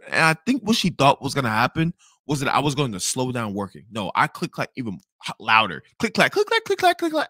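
Fast, animated young man ranting. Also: fairly high pitch, dry recording, clean studio sound. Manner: animated, swearing, repeats himself when angry. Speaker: podcast host telling a story. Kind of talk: profane storytelling rant.

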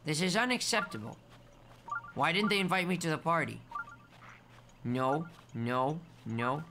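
Playful man with wildly swinging pitch. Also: normal speed, long pauses, noisy background. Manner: playful, cutesy baby talk, calls himself Snoot; swings between mumbling asides and high excited yelps. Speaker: game streamer. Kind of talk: live gameplay commentary. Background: game music.

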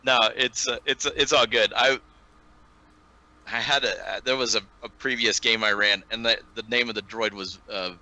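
A man playing a tabletop game, talking casually and haltingly with lots of restarts. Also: mid-range voice, fairly even intonation, bright, forceful tone, low-quality recording. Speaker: player. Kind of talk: casual chat.

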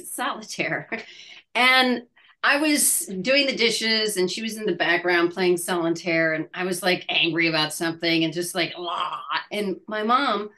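A woman in her sixties with a bright, forward tone answers an interviewer in a loose, halting way. She trails off, restarts and laughs as she searches for words. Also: mid-range voice. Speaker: actress, interview guest. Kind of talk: casual interview chat.

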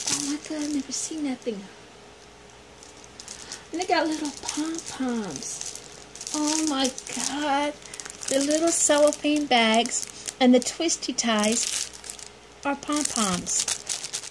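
Gushing woman with a high voice. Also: slow pace, long pauses. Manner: gushing, gasping, repeats exclamations. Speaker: vlogger unboxing a gift swap. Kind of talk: excited unboxing chat. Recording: noticeable background noise.

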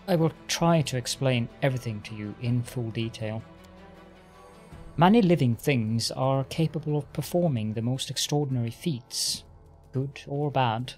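A grave inquisitor who trips over his words as he explains a dark threat, read by a man. The voice sits at a middling pitch, and a faint game soundtrack runs beneath it. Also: close to an everyday voice. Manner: halting, stammers over words. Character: shaken older male inquisitor, grave and careful.

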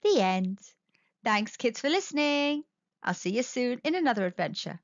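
Woman storytime host, high, animated sing-song read-aloud, dry close mic. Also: moderate pace, no room sound, highs cut off.

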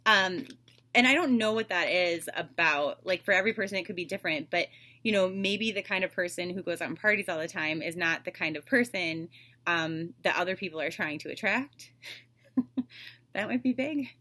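A woman's voice: on the low side, normal speed, pushed and bright. A woman giving a casual tarot reading, chatty and loose, with lots of "like" and "um" fillers. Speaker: tarot reader.

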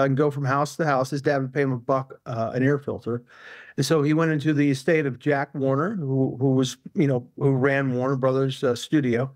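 A man's voice: medium pitch, darkish tone, dry recording. Man telling a long story, dry sound. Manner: rambling anecdotes with many fillers and restarts. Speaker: author, guest. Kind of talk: casual interview storytelling.

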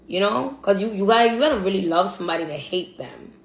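A woman's voice: medium pitch, lively intonation, quick pace, gravelly. A woman venting in a blunt, profane monologue, repeating herself for emphasis. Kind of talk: angry monologue rant. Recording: echoey room, faint background hum.

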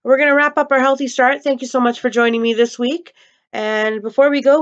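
A woman's voice: fairly high pitch, a little fast, highs cut off. A woman hosting an early-years program, speaking upbeat and directly to young children. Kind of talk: friendly sign-off to young children.

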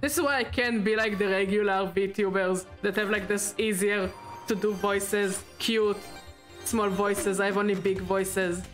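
A woman's voice: mid-range voice, fairly even intonation, a little slow, soft background music. A woman streaming a video game, chatting playfully with viewers and putting on character voices. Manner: playful, talks to viewers and chat.

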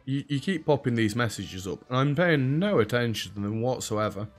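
A man's voice: medium pitch, expressive, normal speed, faint music behind. A man with an English accent that drops H's and T's, giving casual, sarcastic let's play commentary. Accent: English, dropped H's and T's. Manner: dry, sarcastic, chatty.

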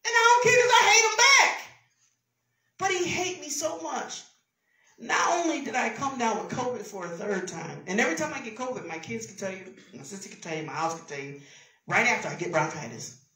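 A woman's voice: mid-range voice, lively intonation, a little fast, recorded from a distance. Fervent woman preacher in an echoey church. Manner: fervent, conversational, rising to forceful preaching. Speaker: pastor. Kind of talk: sermon.

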